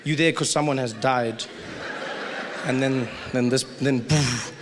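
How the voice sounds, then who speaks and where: A man from South Africa doing an animated stand-up comedy set before a live crowd. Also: medium pitch, measured pace. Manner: animated, acts out voices. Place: large live venue with audience. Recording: live hall with audience noise.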